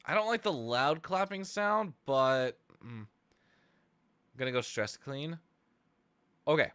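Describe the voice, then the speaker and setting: A man on a casual live stream, talking to himself and his chat while he builds a track. His voice is bright and bouncy, jumping around a lot in pitch, with halting restarts that break into excited bursts. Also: smooth, no room sound. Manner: thinks aloud, hesitant restarts, sudden excited outbursts. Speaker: streamer making music.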